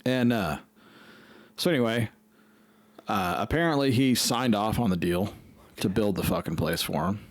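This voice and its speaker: A man's voice: lowish voice, expressive, normal speed, no echo. A man hosting a podcast, telling a rambling, profane story in casual chat. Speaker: podcast host.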